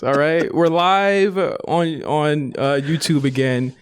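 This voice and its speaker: A man's voice: on the high side, fairly even intonation, slow pace, clean tone. A man co-hosting a casual podcast from a studio, talking loosely and restarting his phrases. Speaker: podcast co-host. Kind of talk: casual chat.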